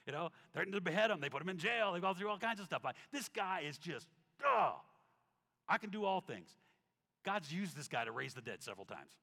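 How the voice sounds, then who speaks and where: A man preaching a sermon as pastor, telling stories with acted-out quotes and dropping to a soft tone when reading scripture. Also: a little high, quick pace, vocal fry, few pauses. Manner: animated storytelling, acts out quotes, drops to soft tones for scripture. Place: church sanctuary. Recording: reverberant hall with soft instrumental music.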